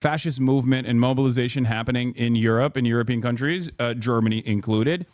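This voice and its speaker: A man hosting a livestream, talking casually and haltingly with lots of fillers. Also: medium pitch, a little mellow, no echo, clean studio sound. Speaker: streamer host.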